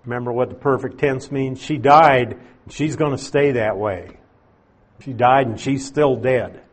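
A man with a husky, slightly breathy voice preaches through a Bible passage. He explains verses in a plain way and drops in casual asides. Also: mid-range voice, measured pace. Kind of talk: expository sermon.

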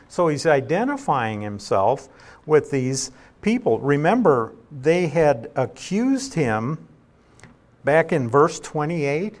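A man's voice: medium pitch, very animated, slow. Man, pastor, verse-by-verse bible teaching, conversational, reads scripture aloud, mid-range voice.

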